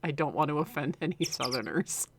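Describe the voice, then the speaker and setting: A woman's voice: low-pitched, expressive, fairly quick, noisy background. A woman co-hosting a game stream, chatting casually and apologizing with giggles. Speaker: co-host playing a game. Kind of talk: casual gameplay chat and voice acting.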